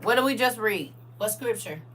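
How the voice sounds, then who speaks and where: Animated and a bit bright, this raspy medium-pitched voice belongs to a middle-aged woman hosting an informal online scripture study. She speaks at normal speed, laughs a lot and talks straight to listeners, over a little hiss or hum.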